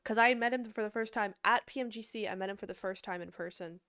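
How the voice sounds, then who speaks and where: A bubbly young woman chats with her stream audience, joking and laughing easily. Her voice is smooth and clear at a middle pitch. It is recorded dry and close on a streaming mic. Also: fast talker, a bit bright, no room sound. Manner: bubbly, chatty, laughs often, talks to chat. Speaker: esports caster and analyst streamer. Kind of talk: casual livestream Q&A chat.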